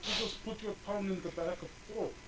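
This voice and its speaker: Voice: medium pitch, fairly even intonation, fast talker, very noisy. A player at a tabletop game, bantering wryly and critiquing the game master. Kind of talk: casual tabletop play.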